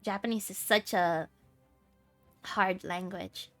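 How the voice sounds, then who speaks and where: A Filipino-accented woman from the Philippines chats casually while streaming games, telling stories and giggling often. Her voice is medium in pitch, slow and a little bright. The recording is dry, with faint music in the background.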